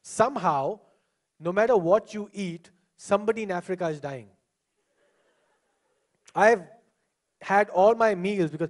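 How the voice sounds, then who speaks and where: A young Indian man performs stand-up at a live venue, his high voice moving at normal speed with frequent pauses. He works the crowd lively and laughs a lot.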